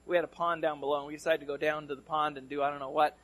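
A male pastor from California preaching a sermon, telling a story conversationally and swinging between loud and hushed delivery. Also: on the high side, level tone, very fast.

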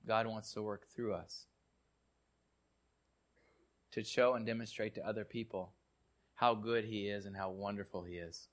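A male pastor preaching a sermon and telling stories, often repeating words and dropping to quiet, soft tones. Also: on the low side, little pitch movement, unhurried, pauses often.

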